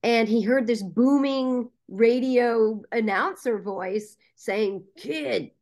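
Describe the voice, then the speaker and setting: A woman guest on a podcast interview, a casting director and producer telling a story in a lively way with frequent "um" fillers. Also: a little high, slow pace.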